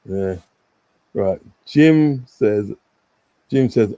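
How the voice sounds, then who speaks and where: A man's voice: fairly low pitch, measured pace, warm tone, poor audio. A man hosting a live football stream, chatting bluntly and reading viewer comments aloud. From English Midlands. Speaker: stream host. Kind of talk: casual live stream chat.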